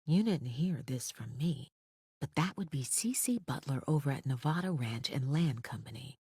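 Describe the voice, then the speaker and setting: An audiobook narrator voicing a nasal-voiced woman real estate agent who answers the phone and lowers her voice to share a secret. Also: big pitch swings, normal speed, no echo, clean studio sound. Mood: hushed. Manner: hushed, conspiratorial.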